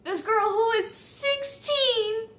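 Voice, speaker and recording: A woman's voice: very high-pitched, slow pace, fairly bright tone. A woman casually telling a personal story, chatty and swearing freely, laughing at how silly it was.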